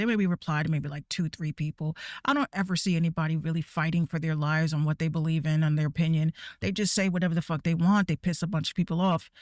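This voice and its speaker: A woman's voice: low voice, a little mellow, no room sound, studio quality. A woman who hosts her own VTuber show, ranting bluntly and casually, with frequent swearing and laughter. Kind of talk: casual profane rant.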